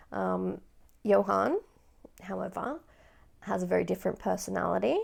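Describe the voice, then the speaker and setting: A woman's voice: medium pitch, gravelly, a little mellow. A woman chatting casually about crochet, rambling with lots of fillers. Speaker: crochet vlogger. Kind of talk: casual chat.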